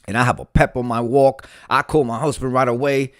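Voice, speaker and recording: A man's voice: mid-range voice, fairly even intonation, a little fast, fairly bright tone, no echo, studio quality. A middle-aged man hosting a live stream, telling a long story in a theatrical way and swearing freely. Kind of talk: storytelling monologue.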